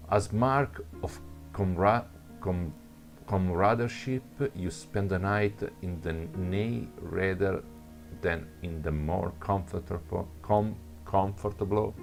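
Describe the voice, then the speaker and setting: A man's voice: deep voice, takes it slowly, gravelly, pauses often, soft background music. A man with another first language reading a second-person adventure story aloud, stumbling and restarting words. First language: not English. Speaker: narrator.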